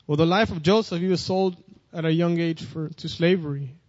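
A man's voice: a little high, fairly even intonation, fairly quick, a little mellow, dry recording, lo-fi sound. A man preaching a sermon. He reads scripture and then talks plainly, repeating and restarting phrases, and his voice rises when he reads verses.

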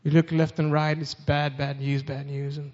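A man's voice: a little high, little pitch movement, moderate pace, darkish tone. A man preaching a sermon, reading scripture aloud with rising force and speaking directly to his listeners. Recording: dull sound with long reverb.

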